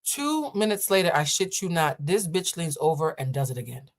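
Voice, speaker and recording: Animated woman telling a story. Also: low-pitched. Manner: animated, deliberately slows down. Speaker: host. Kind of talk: live-stream storytelling.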